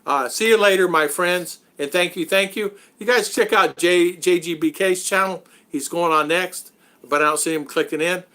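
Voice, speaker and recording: Chatty, chuckling man with a bright voice. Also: high voice, moderate pace. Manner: rambling, chuckling, with many fillers. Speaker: live stream host. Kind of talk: casual live stream chat.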